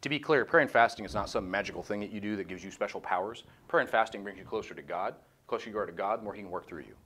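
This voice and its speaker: A man with a fairly low voice teaches a small group in a relaxed, chatty way. He jokes and talks bluntly as he works through the passage, and he often breaks in with his own remarks. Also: very fast, slightly rough. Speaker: small group Bible study leader. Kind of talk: casual Bible study teaching. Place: room with a small group, streamed live.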